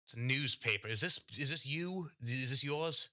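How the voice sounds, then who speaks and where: A man's voice: mid-range voice, moderate pace, pushed and bright, pitched above the performer's own voice. A man doing a crude, restless traveler. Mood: excited. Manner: blunt, cursing, stammering.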